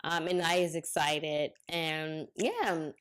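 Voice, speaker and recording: A young woman co-hosting a casual podcast, telling slangy, animated stories about her day. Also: deep voice, slow pace. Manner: chatty storytelling, slangy, animated quoting. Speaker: podcast co-host. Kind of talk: casual chat.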